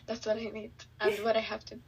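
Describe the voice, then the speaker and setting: A teenage girl speaking as a podcast guest, earnest and soft-spoken, hesitating with "like" fillers. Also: on the high side, completely flat delivery, fast, breathy edge, poor audio. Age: teens. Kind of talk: casual podcast interview.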